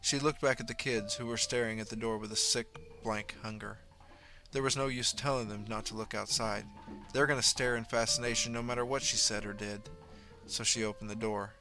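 Bright-voiced male audiobook narrator. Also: on the low side, steady tone, fairly quick, faint music behind.

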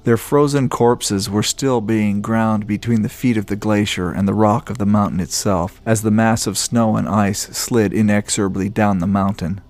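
Low-voiced male story narrator. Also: normal speed, hardly any pauses. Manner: steady, descriptive storytelling. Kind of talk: scripted narration.

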